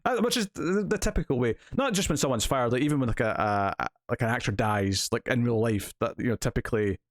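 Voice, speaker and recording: Male podcast host, casual rambling chat, middle pitch, dead-dry close-miked sound. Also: lively intonation, quick pace, no room sound. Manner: laughs often, filler-heavy rambling.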